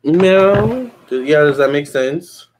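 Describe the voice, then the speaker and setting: A man's voice: medium pitch, moderate pace, a little hiss or hum. A man doing live psychic tarot readings for viewers in a casual chat, hedging and answering questions from the chat. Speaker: livestream psychic tarot reader.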